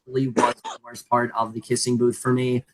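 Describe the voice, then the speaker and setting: A man's voice: medium pitch, monotone, fairly quick. A man who is losing his voice giving blunt, profane film opinions as a co-presenter. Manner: opinionated, swearing, rambling reviews. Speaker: award show presenter. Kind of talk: casual comedic awards chat.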